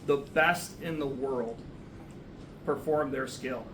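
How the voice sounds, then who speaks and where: A man's voice: medium pitch, slow pace, echoey room, recorded from a distance, background noise. Man giving a rambling eulogy. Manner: rambling, self-deprecating, with laughs. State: getting emotional. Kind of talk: memorial speech. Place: church sanctuary.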